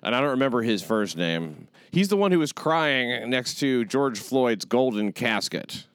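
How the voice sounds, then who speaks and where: A man's voice: mid-range voice, expressive, a little slow, a bit bright, clear, resonant tone, no echo. A man hosting a podcast in casual chat, blunt and profane, rambling with plenty of fillers. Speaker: podcast host.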